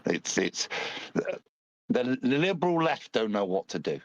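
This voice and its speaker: Blunt, halting British man. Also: medium pitch, big pitch swings, lo-fi sound. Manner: halting, blunt and crude, with many restarts. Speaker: co-host. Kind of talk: casual live-stream chat.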